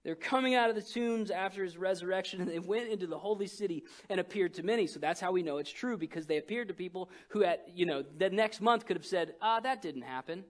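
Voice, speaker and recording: A male pastor with a high voice preaches with lively storytelling. He jumps from loud, excited bursts to soft, hushed lines. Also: fast talker, few pauses. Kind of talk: sermon.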